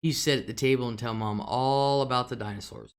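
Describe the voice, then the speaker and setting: A woman's voice: a bass voice, fairly even intonation, fast talker, clean tone. Chatty woman host. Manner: chatty, laughs often, drawls some words. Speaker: livestream host. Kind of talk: casual livestream chat reading comments.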